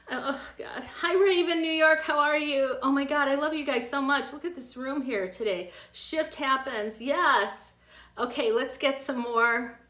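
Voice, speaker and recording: A woman in her fifties from the American Midwest, giving tarot readings in a chatty, animated way and laughing often. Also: a little high, roomy sound. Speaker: psychic doing live tarot readings. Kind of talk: casual live-stream chat.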